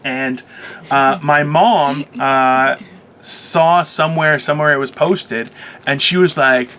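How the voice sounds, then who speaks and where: A man co-hosting a casual chat show, loud and profane, laughing often. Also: on the high side, slow pace. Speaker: co-host. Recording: faint background noise.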